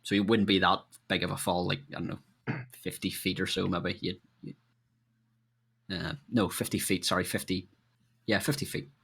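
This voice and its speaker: A man narrating as game master, halting and searching for words as he describes scenes. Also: deep voice, level tone, gravelly, fairly bright tone, slightly rough.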